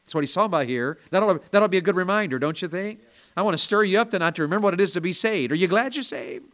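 A man's voice: high voice, animated, racing. Southern man preaching with big swings. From Tennessee. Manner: storytelling, swinging from quiet asides to loud emphatic bursts. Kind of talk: sermon. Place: small church during a service.

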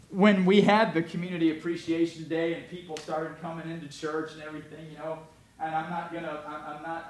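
A man preaching a sermon as a pastor, telling a story in an animated, conversational way. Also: fairly high pitch, slight background noise. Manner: animated, conversational, often restarts.

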